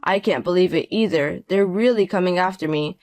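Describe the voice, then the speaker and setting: A man's voice: high-pitched, fairly quick, darkish tone, dry recording, soft background music, lightly acted. A man voicing a desperate broke ex-husband in his 50s. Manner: pleading, self-pitying. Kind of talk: narrated audio drama.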